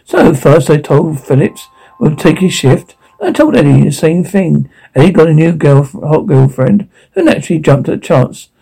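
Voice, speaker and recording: An actor playing an obsessive male security guard holding a woman captive, taunting and mocking her, then flaring into rage, in a dark audio drama. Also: on the high side, expressive, moderate pace, vocal fry, hardly any pauses, breathy edge, exaggerated voice, rough recording.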